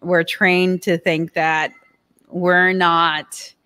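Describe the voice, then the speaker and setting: Woman vlogger, lowish voice, direct and chatty advice to camera, lots of fillers. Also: flat delivery, drawn-out words, sharp tone, smooth. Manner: chatty and direct, with filler words and frequent asides. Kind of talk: casual advice talk to camera.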